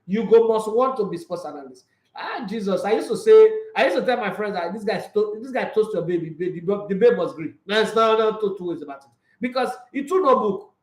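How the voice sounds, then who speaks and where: A man with a Nigerian accent hosting a casual sports livestream, animated, laughing often and switching between Pidgin and English. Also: high voice, a little fast, echoey room.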